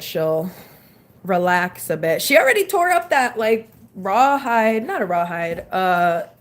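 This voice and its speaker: At home on a live stream, a woman with a fairly high voice chats casually, reads and replies to her audience, and scolds her dog along the way, with a little hiss or hum in the background.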